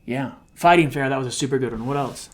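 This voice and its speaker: A man's voice: mid-range voice, fast. Emotional, confessional man co-hosting. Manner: emotional and confessional, swings between soft and loud. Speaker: co-host. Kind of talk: candid podcast conversation.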